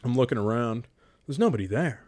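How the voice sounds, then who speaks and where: A man's voice: mid-range voice, brisk, dry recording. A young man chatting on a podcast, telling a story with lots of swearing and acting out what other people said. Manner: animated storyteller, swears freely, acts out quoted people. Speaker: podcast co-host. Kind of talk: casual chat.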